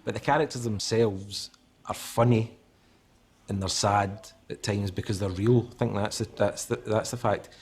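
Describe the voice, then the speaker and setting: A man's voice: lowish voice, steady tone, normal speed, a little mellow, breathy edge. A man reflecting in an interview, thoughtful and repeating phrases as he searches for words.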